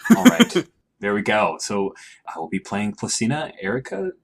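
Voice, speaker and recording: Male podcast host, husky, low voice, encouraging. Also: sing-song, normal speed. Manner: friendly, encouraging interviewer. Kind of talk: podcast interview.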